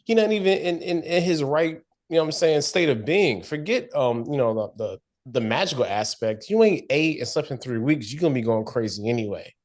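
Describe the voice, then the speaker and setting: A man co-hosting a casual TV recap podcast, slangy and animated, acting out characters' lines as he talks. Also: a little high, brisk, few pauses. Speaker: podcast co-host.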